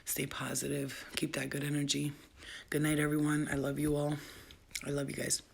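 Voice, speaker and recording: A woman's voice: low voice, completely flat delivery, moderate pace, gravelly, husky. A woman who sells spiritual healing boxes, chatting casually and affectionately on a late-night livestream from home, full of slang and swearing.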